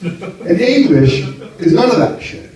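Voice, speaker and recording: A man's voice: high voice, big pitch swings, slow, warm tone. American man doing stand-up in an echoey club. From United States. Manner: chatty, self-mocking, laughs at his own lines. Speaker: stand-up comedian. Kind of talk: stand-up comedy set. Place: comedy club stage with a live audience. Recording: far-off echoey club with crowd. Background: audience laughter.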